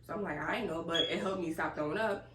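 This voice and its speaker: A young woman telling a casual, animated story and laughing as she goes. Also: on the low side, quick pace. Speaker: vlogger. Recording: echoey room, distant mic, faint noise.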